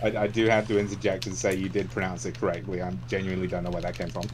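A man on a voice call, explaining things in a measured way. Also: deep voice, level tone, very noisy. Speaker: guest on a voice call. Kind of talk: casual chat.

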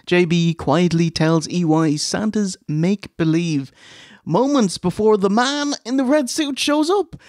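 A man co-hosting a casual review show, reading out match recaps with deadpan jokes. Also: high-pitched, unhurried, no echo. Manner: reads play-by-play recaps with dry jokes.

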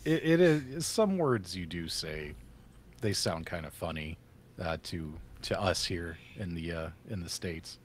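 Lively man leading a podcast chat. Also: deep voice, measured pace, a little hiss or hum. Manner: lively, friendly, leads topics. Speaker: co-host.

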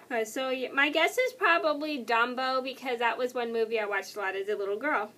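A woman's voice: on the high side, brisk, hardly any pauses, sharp tone. A young woman vlogging casually, answering questions in a rambling, self-correcting way and sounding tired. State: tired and yawning. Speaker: YouTuber.

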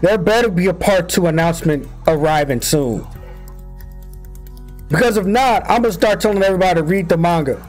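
Excitable high-voiced man reacting. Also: a little fast, soft background music. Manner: excitable, slangy, laughs often, repeats himself. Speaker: anime reaction channel host. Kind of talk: casual reaction commentary.

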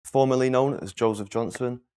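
A young man from northwest England, telling his life story as an interview guest in a candid, halting way. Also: medium pitch, fairly even intonation, a little mellow. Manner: candid, repetitive, halting restarts. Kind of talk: personal testimony interview.

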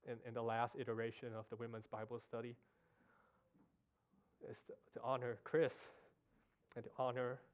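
A man preaching a sermon in a church, earnest and emotional, halting with restarts as he speaks. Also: mid-range voice, smooth. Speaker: guest preacher. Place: church sanctuary.

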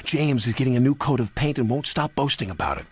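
A man's voice: mid-range voice, fast talker, breathy edge, lightly acted. A man voicing a small, earnest male engine who speaks in a confiding, reproachful way. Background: music.

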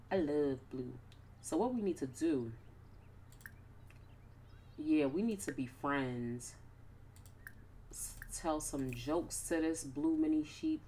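Woman gaming commentator, low voice, chatty and playful, faint background hum. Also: expressive, moderate pace, long pauses, mellow. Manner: chatty, playful, slangy asides. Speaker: gaming YouTuber. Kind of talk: casual gameplay commentary.

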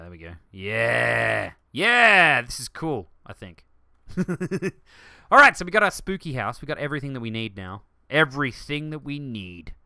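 A man hosting a let's play, rambling excitedly through gaming commentary and jumping to shouts. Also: medium pitch, no room sound, studio quality.

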